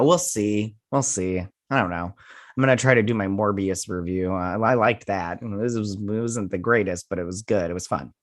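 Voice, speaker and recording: A man's voice: mid-range voice, fairly bright tone. An American man talking through a show episode in a loose, casual review. He rambles, leans on fillers and often trips over his own words as he goes. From United States. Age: adult with children. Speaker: YouTube show host.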